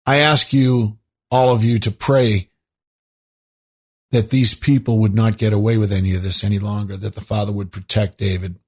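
A man with a husky, slightly breathy voice hosts his own show. He talks to his listeners in a loose, rambling monologue full of asides and restarts. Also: on the low side, fairly even intonation, normal speed, a little mellow. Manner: rambling, conversational, many asides. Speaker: show host.

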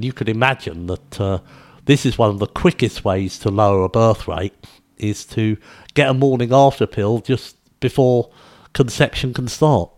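Man, middle-aged, casual news commentary, hesitant and rambling, mid-pitched voice. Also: darkish tone. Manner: rambling, hesitant with many fillers.

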